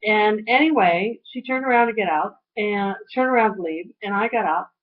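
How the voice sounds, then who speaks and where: A middle-aged woman talks through a personal update in a loose, heartfelt way, circling back with lots of ums and half-finished thoughts. Her voice sits at a typical pitch. The sound is thin and narrow, like it came through a phone. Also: moderate pace. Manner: rambling, heartfelt, trailing off with fillers. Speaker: weight-loss surgery vlogger. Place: at home. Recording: tinny phone-like audio.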